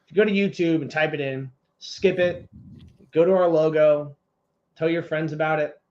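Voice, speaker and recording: A man's voice: on the high side, fairly even intonation, moderate pace, darkish tone, highs cut off. A man co-hosting a casual podcast, telling stories in a rambling, profane way. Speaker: podcast co-host. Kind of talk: casual chat.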